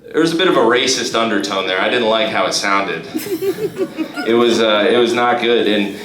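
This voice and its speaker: A young male comedian performing a live stand-up set in a comedy club, halting with restarts and fillers. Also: fairly low pitch, a bit bright, a little hiss or hum. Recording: roomy live club recording with crowd. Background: audience laughter.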